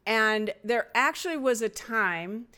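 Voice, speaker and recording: Smooth-voiced upbeat woman chatting. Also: on the high side, expressive, slow pace, sharp tone. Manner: chatty, upbeat, easygoing storytelling. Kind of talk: casual conversation.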